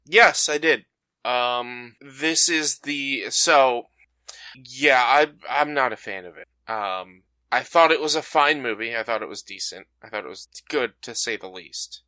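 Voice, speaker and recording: Young guy cohost, bright forceful voice, blunt, swears a lot, dry mic. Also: mid-range voice, unhurried, no room sound. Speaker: podcast co-host. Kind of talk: casual chat.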